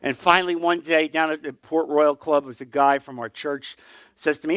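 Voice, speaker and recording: Studio-quality audio with no room sound captures a middle-aged Bible class teacher recounting his testimony in an earnest, conversational way. His tone is steady and smooth, his pace moderate, and he goes low and soft when the story turns emotional.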